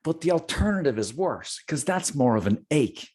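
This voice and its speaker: Animated middle-aged man telling a story. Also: fairly high pitch, moderate pace, breathy edge. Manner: animated, jokey asides, chatty. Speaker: host. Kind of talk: casual storytelling monologue.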